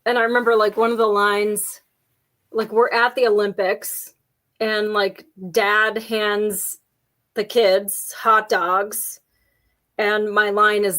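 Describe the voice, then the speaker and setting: A woman's voice: medium pitch, steady tone, takes it slowly, fairly bright tone. A woman co-hosting a casual chat, telling jokey stories with lots of laughter. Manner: chatty, jokey storyteller, frequent laughs. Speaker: podcast co-host.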